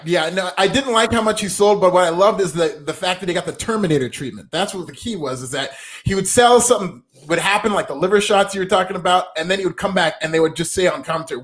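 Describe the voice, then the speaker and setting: A man's voice: high-pitched, fairly bright tone. A man co-hosting a wrestling podcast, giving emphatic, opinionated takes in casual chat.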